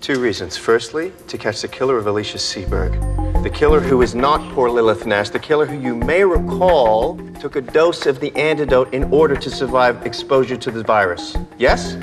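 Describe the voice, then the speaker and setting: A man's voice: mid-range voice, moderate pace, in a large hall, natural voice. An actor playing a playful, cocky male consultant in a TV drama, talking in a teasing, breezy, coaxing way. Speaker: police consultant. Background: faint film score music.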